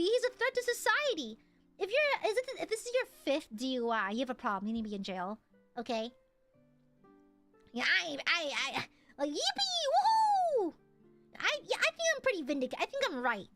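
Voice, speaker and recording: A young woman talks to her stream in a loose, chatty way, laughing often and swearing freely. Her voice sits high and swoops up and down. Faint music plays softly behind her. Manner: swears casually. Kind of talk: casual chat.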